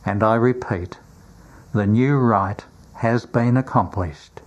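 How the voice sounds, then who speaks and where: A man voicing a gentle, grieving Jesus in a solemn, tender manner. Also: on the low side, slow pace.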